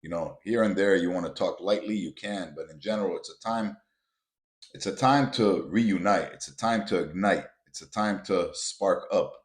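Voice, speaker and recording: A man hosting a motivational podcast, talking bluntly and with a lot of profanity, often building up to loud, emphatic rants. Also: sits low, normal speed. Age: adult with children. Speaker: podcast host.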